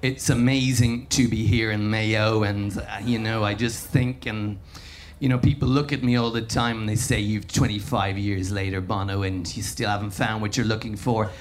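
A man doing a comic impression of an older chat-show host with a slow, crooning, folksy delivery. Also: lowish voice, fairly even intonation, a little hiss or hum, pitched below the performer's own voice, close to an everyday voice. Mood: genial. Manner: slow, crooning, says "my friends". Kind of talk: stand-up impression.

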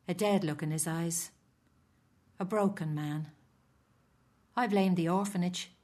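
A middle-aged woman with an Irish accent narrating in first person as a resigned, weary foster mother. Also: fairly low pitch.

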